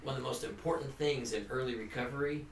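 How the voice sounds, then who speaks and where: A man's voice: medium pitch, fast, creaky. A man, a recovery counselor, giving an informal, earnest talk to a family group, with restarts and frequent "you know". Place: meeting room. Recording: echoey room, distant mic, faint hum.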